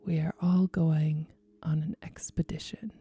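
A woman's voice: low voice, fairly even intonation, measured pace, dark tone, husky, dry recording, full character voice. A woman voicing a confident, slightly bossy young boy with a breezy, know-it-all manner.

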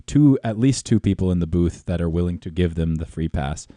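A man's voice: sits low, expressive, fairly quick, mellow, no room sound. A man hosting a radio show, chatting in a dry, hesitant way with frequent ums. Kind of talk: casual studio banter.

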